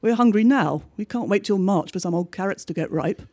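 A man with a notably high voice reads a bleak diary-style story aloud. His delivery is measured and understated, with each entry set down plainly. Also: a little mellow. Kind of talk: scripted narration of a diary story.

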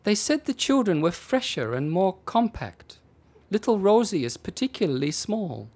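A man reading aloud and voicing a calm, matter-of-fact woman in a storybook. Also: high voice, moderate pace, voice pushed up. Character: calm unflappable German woman abductee.

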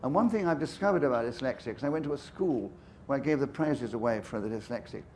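An older man with a posh English accent, appearing as a guest author at a festival, rattles off anecdotes fast in a mid-range, darkish, expressive voice. He is chatty and amused at himself, with frequent digressions, against slight background noise.

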